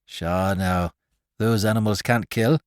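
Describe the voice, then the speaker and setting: A man's voice: fairly low pitch, fairly even intonation, takes it slowly, dry recording, clean studio sound. A man voicing a big, cocky Irish spaceman with a swaggering, folksy brogue and an Irish accent. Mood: jovial.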